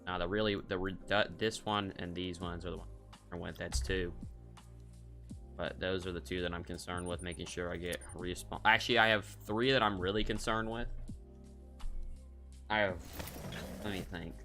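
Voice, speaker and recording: A man's voice: deep voice, flat delivery, normal speed, long pauses, bright, forceful tone, soft background music. A man streaming a hunting game, giving casual, rambling commentary and cracking jokes as he thinks aloud.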